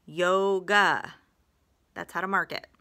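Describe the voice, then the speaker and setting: A woman walks through phonics lessons at an unhurried pace. Her voice is bright and a little forceful, and she draws out every example word and sentence with patient care. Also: fairly low pitch, steady tone. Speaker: phonics teacher.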